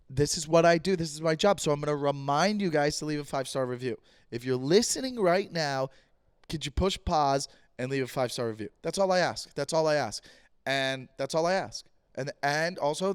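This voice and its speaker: Male podcast host, rambling comic monologue, slightly rough voice, dry close sound. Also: a little high, no echo. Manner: rambling, jokey, repeats himself. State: voice a bit rough, clearing throat. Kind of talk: casual solo podcast monologue.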